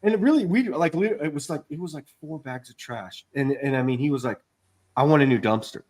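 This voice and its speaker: A man's voice: on the high side, brisk, darkish tone. Rambling, cussing contractor guy. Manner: rambling storytelling, swears a lot, acts out quotes. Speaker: podcast co-host, contractor. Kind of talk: casual chat.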